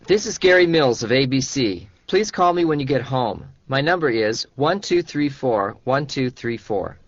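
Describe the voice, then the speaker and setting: Very low-voiced woman reading English phrases. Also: expressive, moderate pace, dry recording. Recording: dull dry studio sound.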